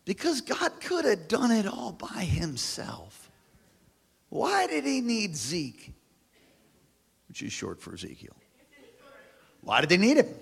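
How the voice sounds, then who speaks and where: A man preaching a sermon as pastor, calling on the congregation to repeat after him, moving from hushed lows to shouted peaks. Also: huge pitch swings, slow pace, creaky, pauses often, breathy edge. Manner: call-and-response preaching, swings from hushed to shouting. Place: church sanctuary. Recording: long hall reverb.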